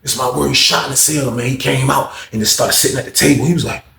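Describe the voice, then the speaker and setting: A man telling a story casually, animated and slangy, acting out the people in it. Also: medium pitch, fast talker, gravelly, a little hiss or hum. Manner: animated, slangy, voices characters. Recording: roomy echo.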